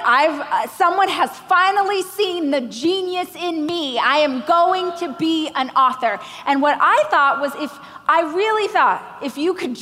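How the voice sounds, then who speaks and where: High-voiced woman telling a story on stage. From Oklahoma, United States. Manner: animated, self-mocking, acts out the voices of others. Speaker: motivational speaker giving a keynote. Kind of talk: storytelling keynote speech. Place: large hall at a live event. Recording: live hall with long reverb, faint noise.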